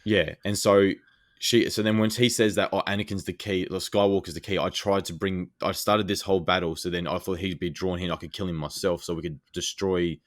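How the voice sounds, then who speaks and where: A man's voice: low voice, fairly quick, no echo, studio quality. A man co-hosting a podcast, eagerly retelling scenes in casual chat with lots of fillers. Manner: excited, rambling scene retelling with many fillers. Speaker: podcast co-host.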